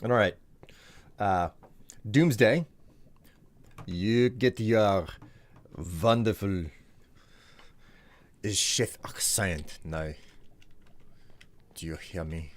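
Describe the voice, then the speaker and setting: A man's voice: on the low side, very slow, long pauses. A man streaming live, chatting casually in a rambling, chuckling, self-deprecating way.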